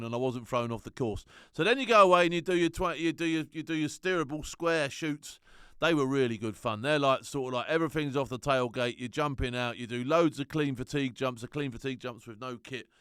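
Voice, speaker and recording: A middle-aged man telling animated, slangy stories as a former soldier and laughing often. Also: medium pitch, fast talker, smooth, no room sound, studio quality. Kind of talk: casual anecdote.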